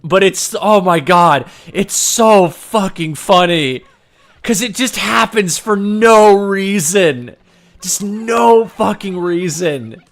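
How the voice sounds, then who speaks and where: A man chatting casually while playing a video game, animated, swearing casually and laughing often. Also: high voice, takes it slowly. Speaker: gaming video co-host. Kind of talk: casual chat.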